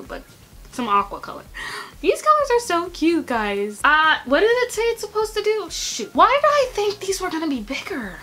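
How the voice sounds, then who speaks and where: Bright, high-voiced young woman vlogger. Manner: animated, swings between excited and exasperated. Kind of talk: casual unboxing review.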